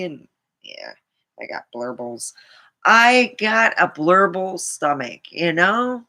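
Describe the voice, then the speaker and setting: A woman's voice: low-pitched, animated, unhurried, pushed and bright. A middle-aged woman vlogging in a meandering casual monologue, full of fillers and frequent laughter.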